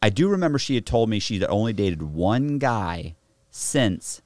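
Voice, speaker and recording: A man telling a story to a podcast host, animated and full of slang and restarts, in a studio. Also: fairly low pitch, a little slow, no room sound. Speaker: podcast guest. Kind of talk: casual storytelling.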